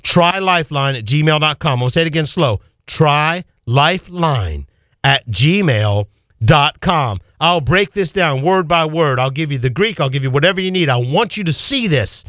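A man's voice: on the high side, lively intonation, brisk, few pauses, a bit bright, no echo, studio quality. A man preaching a radio sermon, fervent and exhorting, repeating his key phrases to the listeners.

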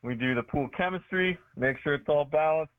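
A man's voice: on the high side, brisk, no room sound. A man from Canada with a Canadian accent, calling into a radio show as a guest, modest and plain-spoken with a dry sense of humor. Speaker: guest, pool maintenance business owner. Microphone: phone call into the studio. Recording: tinny phone line.

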